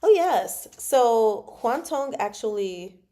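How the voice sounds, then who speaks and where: A woman's voice: fairly high pitch, sing-song, slow, warm tone. A woman hosting a casual book chat, bubbly and giggly as she retells a novel's scenes. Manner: bubbly, giggly, retells dialogue in playful voices.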